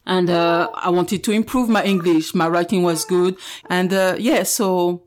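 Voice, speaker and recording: A woman from France in her forties, speaking English with a French accent as a podcast guest, frank and animated. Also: lowish voice, measured pace. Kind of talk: candid podcast conversation.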